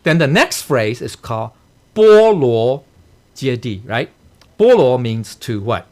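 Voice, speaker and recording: A man's voice: mid-range voice, big pitch swings, measured pace, darkish tone. A man teaching a class on a sutra at a temple, explaining term by term, dropping "okay?" and "right?" after nearly every phrase and chuckling at his own jokes. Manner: checks in constantly with "okay?" and "right?". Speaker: dharma teacher.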